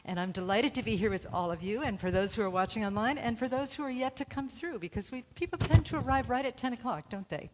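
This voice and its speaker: A woman minister welcoming a church congregation in quick, chatty speech. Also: a little high, long reverb tail, a little hiss or hum. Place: church service.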